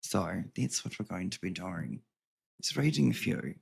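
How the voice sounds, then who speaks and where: A man's voice: sits low, sing-song, measured pace, gravelly, husky. A man hosting a casual home vlog, rambling and joking with plenty of swearing as he reads aloud. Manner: rambling, profane, jokey. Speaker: host. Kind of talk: casual vlog chat and reading.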